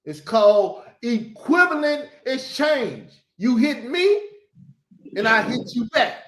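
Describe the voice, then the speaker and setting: A man's voice: extremely high pitch, big pitch swings, slow pace, a bit bright, roomy sound. A man, hosting a casual talk and telling stories in a blunt, profane way. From Southern United States. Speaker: host. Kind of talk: casual chat.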